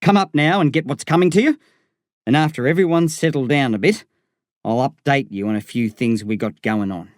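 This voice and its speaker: A stern but tender working man, measured and firm in his speech, read by a male narrator. His voice sits at a middling pitch and sounds dry, close and plain. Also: no room sound, lightly acted.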